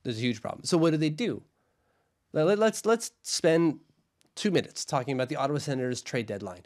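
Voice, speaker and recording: A man's voice: fairly high pitch, lively intonation, brisk, darkish tone. A man co-hosting a casual hockey podcast, chatty and jokey. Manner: chatty, jokey, slips into goofy put-on voices. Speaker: podcast co-host.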